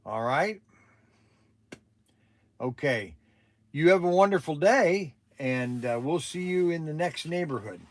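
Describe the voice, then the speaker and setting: A man chats his way through a casual livestream, rambling and often restarting his sentences. His voice sits a little on the high side for a man. The sound is dry, with no room echo. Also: expressive, slow, pauses often. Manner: chatty and rambling, with many restarts. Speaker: livestream host.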